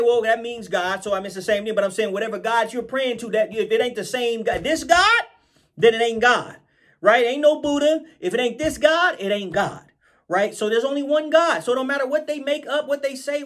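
A man with a high voice preaches an informal Bible study with lively energy. He keeps circling back with "right?", laughs now and then, and slows down for scripture readings. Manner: animated, repeats phrases, calls out "right?" to listeners.

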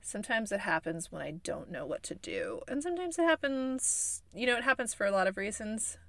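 A woman hosting a casual movie review podcast, chatty and expressive, talking in a put-on Midwestern accent. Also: mid-range voice, fairly quick, gravelly, no echo. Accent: fake Midwestern. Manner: expressive, chatty, laughs often. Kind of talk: casual chat.

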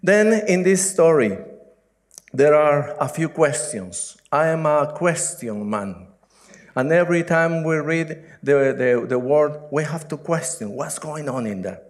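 A man from Latin America with a Spanish accent, preaching a sermon and reading scripture aloud slowly, with frequent restarts and fillers. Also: on the high side, expressive. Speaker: pastor.

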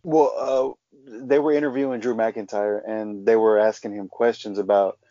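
Low mellow-voiced man telling stories. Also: steady tone, moderate pace, dry recording. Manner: rambling anecdotes with many fillers. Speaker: podcast co-host. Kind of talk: casual chat, storytelling. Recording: dull lo-fi sound.

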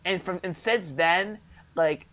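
A young man with a slightly high voice tells a story in casual podcast chat. He is animated and acts out each line of dialogue. The audio sounds dull and lo-fi. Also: takes it slowly. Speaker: podcast co-host.

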